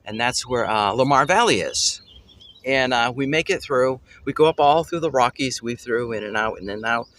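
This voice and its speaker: A man hosting a family travel show, telling a story casually and excitedly, often pausing to search for words. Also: medium pitch. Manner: excitable, gropes for words, exclaims "holy cow".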